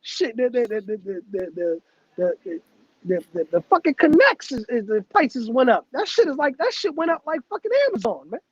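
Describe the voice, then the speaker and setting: Guy with a really high voice shooting the breeze, cursing a lot, dull dry lo-fi sound. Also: sing-song, moderate pace, husky, dry recording. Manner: loose, profane street talk, laughs often. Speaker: host. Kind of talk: casual chat.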